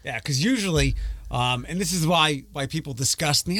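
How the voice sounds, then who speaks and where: A man's voice: on the high side, animated, normal speed, fairly bright tone, no echo. A man co-hosting a podcast in casual chat, talking in a chatty, sarcastic way with frequent restarts. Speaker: podcast co-host.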